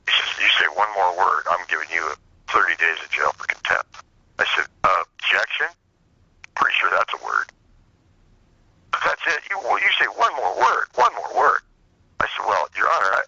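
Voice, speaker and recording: A man as an interview guest, telling a sarcastic, animated story in a remote interview. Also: sits low, dry recording, lo-fi sound. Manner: animated, sarcastic storyteller acting out courtroom exchanges.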